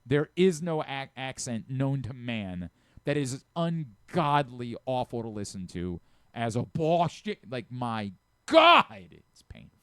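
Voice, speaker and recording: Man, Baltimore accent, sports radio host; lively ranting pitch, dry close studio sound. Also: unhurried, smooth, dry recording. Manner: animated, ranting, laughs often. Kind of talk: casual sports radio banter.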